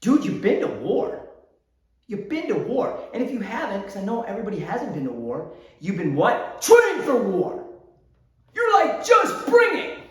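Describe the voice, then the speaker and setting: A man voicing the Marine Corps as a brash male drill-sergeant figure who shouts and taunts. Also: high-pitched, wildly swooping pitch, moderate pace. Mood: rousing. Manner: loud, taunting, shouting pep talk. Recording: very echoey room, from a distance.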